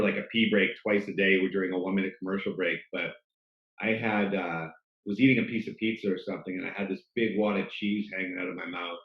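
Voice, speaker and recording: A man's voice: low voice, reverberant, highs cut off. A middle-aged man, a sports broadcaster, telling self-deprecating stories in a casual interview. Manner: storytelling, self-deprecating, animated.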